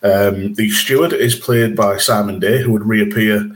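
A man with a Yorkshire accent talks in a low, easy register. He co-hosts a casual podcast, chatty, and he swears freely. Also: fairly even intonation, unhurried. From England. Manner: chatty, swears, laughs between points. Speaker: podcast co-host.

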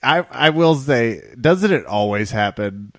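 A man co-hosting a casual podcast chat, self-mocking and quick to laugh. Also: mid-range voice, animated, no echo. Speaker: podcast co-host.

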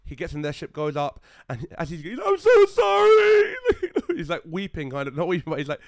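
A young man hosts a casual podcast chat and tells stories with gusto, swearing and acting out what people said. His voice sits a little higher than most men's. He is recorded close on a dry mic. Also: quick pace, no echo. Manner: animated storyteller, acts out quotes loudly, swears, laughs often. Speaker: podcast host.

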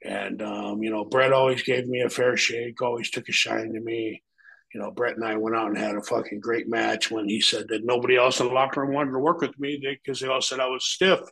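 A man's voice: medium pitch, brisk, vocal fry, slightly rough, low-quality recording. A man in his fifties recounting his wrestling days with blunt, profane candor. He talks in a mid-range voice, rambling through stories with plenty of fillers. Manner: profane, blunt, animated when quoting others. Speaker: retired pro wrestler guest. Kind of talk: candid storytelling interview.

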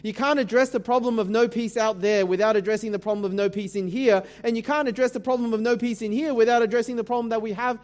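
A pastor delivers a sermon in a notably high male voice. He preaches in a conversational way, posing rhetorical questions to his congregation. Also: fairly even intonation, quick pace, few pauses, a little mellow. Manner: dramatic scripture reading.

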